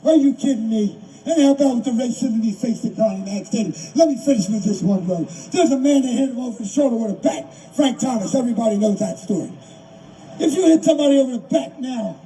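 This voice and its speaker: Older philly guy at an outdoor rally, high pitched but dark, gets emotional and repeats himself, kinda far off. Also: animated, fast talker. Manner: emotional, repetitive, raises voice. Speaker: rally speaker. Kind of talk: impassioned outdoor rally speech. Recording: distant mic, faint background noise.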